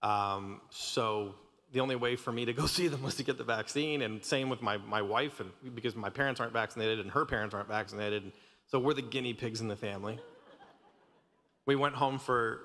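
Speaking brisk and bright with a pushed delivery at medium pitch, this Canadian pastor in his thirties preaches a loose, joking sermon. He often trips over his words and restarts, and the church sanctuary leaves a long reverb tail.

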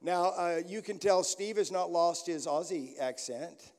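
This sermon comes from an older American man preaching as a guest in a large, echoey church hall. He has a high, darkish voice and a slightly slow pace, and his folksy stories are marked by frequent restarts.

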